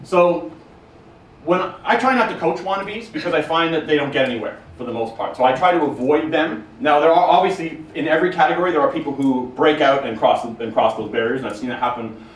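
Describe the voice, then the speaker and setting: A man with a slightly high voice talks to a conference audience, blunt, profane and joking as he answers their questions. He sounds distant from the mic in a roomy hall, with faint noise behind him. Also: a little fast. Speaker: conference speaker taking questions. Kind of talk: casual talk with audience Q&A.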